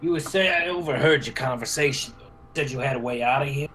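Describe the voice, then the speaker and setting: A man's voice: medium pitch, quick pace, crowd noise, rough recording. Laid-back man playing a dwarf. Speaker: player. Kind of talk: playing a tabletop game.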